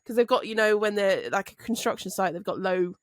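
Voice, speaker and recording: A woman's voice: medium pitch, fairly quick, dry recording, clean studio sound. A British woman co-hosting a podcast, telling a work story animatedly, laughing often and acting out other people's lines. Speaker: podcast co-host, truck driver.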